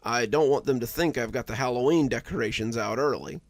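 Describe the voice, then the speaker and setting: A man's voice: mid-range voice, brisk, dry recording, close to an everyday voice. A man playing a kind, teasing young caretaker. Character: kind young man caring for a sick widow, joking. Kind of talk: storybook reading.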